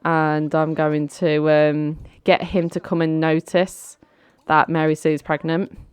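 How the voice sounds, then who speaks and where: A woman's voice: sits low, level tone, takes it slowly, clear, resonant tone, no echo. A woman chatting casually as she narrates a life-sim game. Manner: chatty, lightly amused. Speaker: let's play host.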